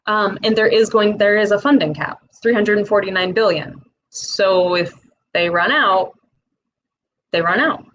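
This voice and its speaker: Speaking casually into the camera, a Midwestern woman walks through how a small business loan program works, chatty and direct with brief asides. Her voice is medium in pitch, and the recording sounds muffled.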